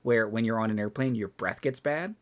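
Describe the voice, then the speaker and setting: A man's voice: fairly low pitch, a little fast. A man joking and rambling through off-topic theories in casual chat with his fellow players during a tabletop game session.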